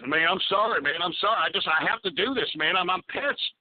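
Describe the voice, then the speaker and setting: A man's voice: high voice, quick pace. A man hosting a radio talk show, ranting angrily and exasperatedly with lots of swearing. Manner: swears a lot. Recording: tinny phone-like radio audio.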